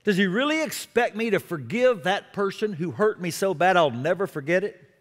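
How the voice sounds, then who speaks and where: A middle-aged man preaching a sermon as pastor, expressive, with self-deprecating humor. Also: high voice, moderate pace, in a large hall.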